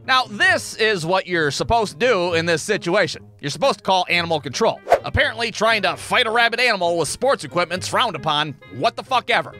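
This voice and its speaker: A man tells a comedic animated story with profane, sarcastic asides. His voice sits high and swings widely in pitch, with a bright, sharp tone, and faint music plays underneath. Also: brisk, few pauses. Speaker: cartoon storyteller.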